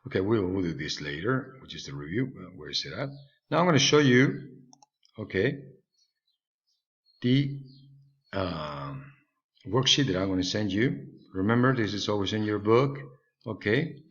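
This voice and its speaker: A man's voice: fairly low pitch, animated, moderate pace, pauses often. A man whose first language is Spanish, patiently teaching an English lesson and checking in with "okay?" often. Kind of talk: recorded online English lesson. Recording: slightly dull lo-fi recording.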